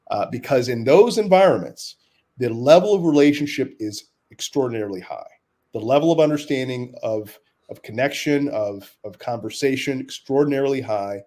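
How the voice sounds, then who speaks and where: A man's voice: mid-range voice, a little mellow. Thoughtful man talking about education. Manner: thoughtful, repeats words as he builds points. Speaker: education advocate. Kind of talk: casual conversation.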